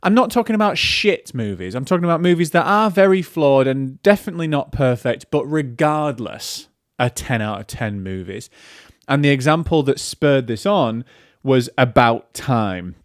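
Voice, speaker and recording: A man rambles through his film podcast in a casual, self-deprecating way, often restarting his sentences. His pitch sits in an average range, and the sound is dry and close with no echo. He is recording alone in a room at home. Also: animated, normal speed. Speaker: podcast host and film critic. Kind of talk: casual solo podcast chat.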